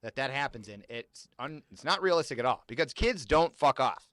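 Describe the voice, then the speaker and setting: A man on a podcast telling self-deprecating stories, his pitch swinging in a lively way. His tone is bright and a little tense. The recording is dry and close. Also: brisk, dry recording. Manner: self-deprecating, animated storytelling with profanity. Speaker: podcast co-host. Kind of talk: casual chat.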